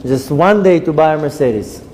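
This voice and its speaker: A man's voice: on the high side, lively intonation, moderate pace, darkish tone, a little hiss or hum, lightly acted. A man voicing a hot-tempered truck driver. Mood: indignant.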